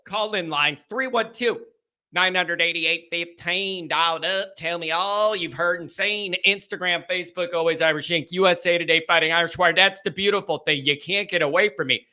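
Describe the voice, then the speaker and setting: Excitable, bright-voiced sports call-in host man. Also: high-pitched, normal speed. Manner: excitable, yelling and joking. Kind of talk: live sports call-in show.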